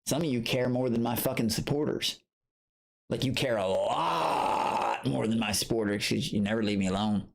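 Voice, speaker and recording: A grown man streaming live, chatting loosely with his viewers in a rambling, profane way and jumping into a higher, excited voice when he greets them. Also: normal speed, gravelly. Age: adult. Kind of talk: casual livestream chat.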